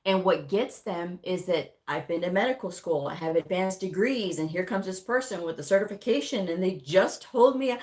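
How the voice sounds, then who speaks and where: Woman instructor for a livestream coding lesson, candid and conversational, middle-pitched voice. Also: normal speed, hardly any pauses. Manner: frank, chatty, addresses viewers directly. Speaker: medical coding educator. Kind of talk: casual livestream teaching talk.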